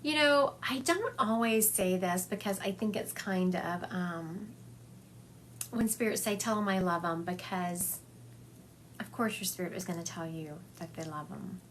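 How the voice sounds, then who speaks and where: At medium pitch and a moderate pace, a woman medium reads live on her phone, chatting as she conveys and dramatizes messages from spirits for viewers. Slight background noise is present.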